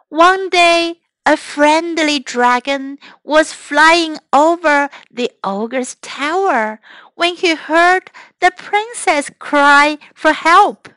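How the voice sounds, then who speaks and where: A woman teacher reading a children's story aloud in two languages, clear and expressive. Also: sits high, no echo. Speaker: English teacher.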